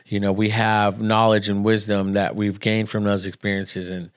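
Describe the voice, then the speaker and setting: A man's voice: on the low side, little pitch movement, normal speed, clear, resonant tone, no room sound, clean studio sound. A man co-hosting a podcast, chatting in an upbeat, chummy way. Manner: upbeat, chummy, calls his partner man and dude. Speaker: podcast co-host. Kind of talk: casual chat.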